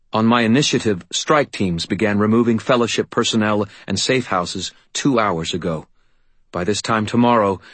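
Cold quiet traitor guy, low husky murmur, as the narrator reads him, audiobook. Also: dry recording. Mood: deferential. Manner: quiet, calm, deferential murmur. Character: calm, ruthless, centuries-old male double agent.

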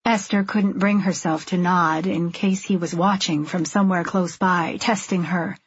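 Husky-voiced woman reading a novel. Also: fairly low pitch, steady tone, moderate pace, few pauses, dry recording, dull audio. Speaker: audiobook narrator. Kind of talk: scripted narration.

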